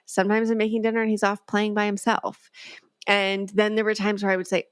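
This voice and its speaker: Calm, measured woman guest, dry sound. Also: mid-range voice, smooth, no echo. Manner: calm, measured, gentle when speaking to a child. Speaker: guest, emotional development expert. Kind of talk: conversational podcast interview.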